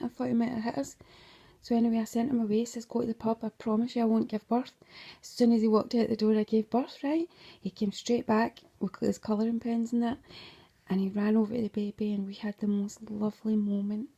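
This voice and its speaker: A woman rambles through her own story, swearing freely and ending sentences with "right?" as she drifts along with dark humour and bursts of laughter. Her voice is a little high and a little fast, with fairly even intonation, vocal fry and a breathy edge.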